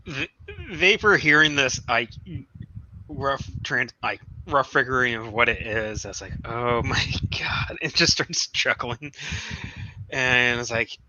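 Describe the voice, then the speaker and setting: A man playing a tabletop game, talking in an animated way and laughing easily. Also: medium pitch, a little slow. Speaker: player. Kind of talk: casual tabletop play. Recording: dull, lo-fi, dry mic.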